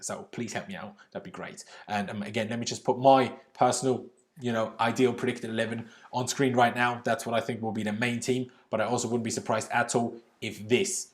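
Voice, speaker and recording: Young male streamer, relaxed and chatty, answers viewer comments off the cuff, mid-pitched voice, a bit loud and rough around the edges. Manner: chatty and informal, swears, reacts loudly to comments. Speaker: livestream host. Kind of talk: casual livestream chat, reading viewer comments.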